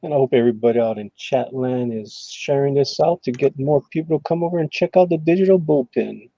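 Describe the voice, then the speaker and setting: A man's voice: mid-range voice, a little fast, warm tone, no room sound. A man co-hosting a casual livestream chat in a laid-back way, urging viewers to share the show. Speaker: co-host. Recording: dry, dull lo-fi sound.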